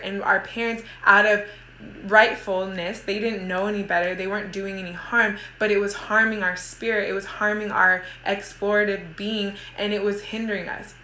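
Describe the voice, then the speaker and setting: A woman in her thirties talks casually and motivationally, rambling and peppering her speech with "like" as she restarts her sentences. Her voice is bright and forceful. The sound rings around an echoey room. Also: mid-range voice, level tone, moderate pace. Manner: rambling, heavy use of "like", frequent restarts. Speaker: mother and women's group coach.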